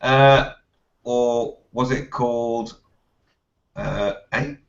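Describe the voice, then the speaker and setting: A man's voice: medium pitch, steady tone, creaky. Chatty man reading comments, roomy lo-fi sound. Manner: chatty, laughs often, reads comments aloud haltingly. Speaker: host reading viewer questions. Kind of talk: casual live chat. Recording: roomy, dull lo-fi live stream audio.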